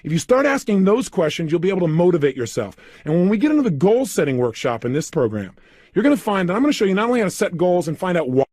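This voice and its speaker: A man's voice: sits high, big pitch swings, fast, a little mellow, no echo, clean studio sound. A man coaching listeners through a self-help program, giving emphatic step-by-step instructions. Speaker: motivational coach. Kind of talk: recorded self-help seminar.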